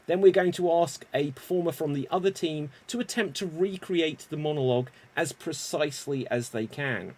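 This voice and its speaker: A man's voice: on the high side, lively intonation, moderate pace, faint music behind. A man hosting a live online improv show, introducing players with upbeat, joking lines. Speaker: host.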